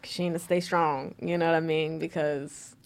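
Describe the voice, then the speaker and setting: A woman's voice: deep voice, moderate pace, clear, resonant tone. A woman, a singer and guest in a casual interview, speaking emphatically and animatedly. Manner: animated, emphatic, laughs often.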